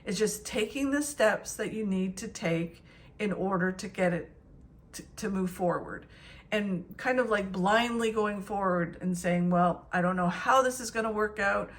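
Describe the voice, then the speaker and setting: A woman's voice: medium pitch, moderate pace. A middle-aged woman giving a casual tarot reading, talking in a chatty, encouraging way with many fillers and restarts. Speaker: tarot reader.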